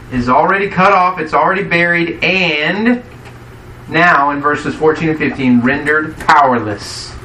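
A man's voice: fairly high pitch, bright, forceful tone, a little hiss or hum. A man preaching a sermon in a conversational way, often asking his listeners questions. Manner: conversational, asks the congregation questions. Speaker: pastor. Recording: echoey hall, mic from a distance.

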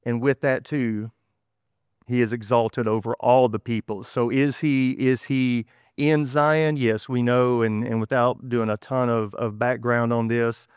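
Texan guy preaching, chatty and folksy, smooth clear voice, dry sound. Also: medium pitch, no echo. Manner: conversational, folksy, with self-corrections. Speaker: pastor. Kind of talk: sermon.

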